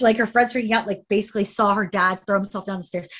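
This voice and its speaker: Animated woman telling a story. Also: fairly high pitch, fast talker, hardly any pauses. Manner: animated, acts out quoted speech; swears freely. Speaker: podcast co-host. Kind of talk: casual storytelling chat.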